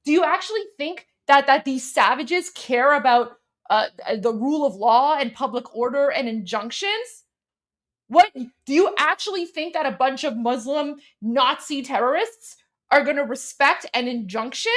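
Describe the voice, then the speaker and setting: Iran-born woman host, high voice, fired up and repeating herself. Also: lively intonation, normal speed, fairly bright tone. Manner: impassioned, repetitive, insulting. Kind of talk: live-stream political rant.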